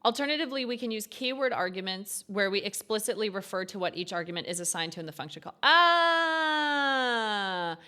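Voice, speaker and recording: A woman's voice: mid-range voice, fast, few pauses, fairly bright tone. Woman thinking aloud while coding. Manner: thinking aloud, reading code and lesson text half to herself. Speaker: streamer. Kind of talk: casual coding stream commentary.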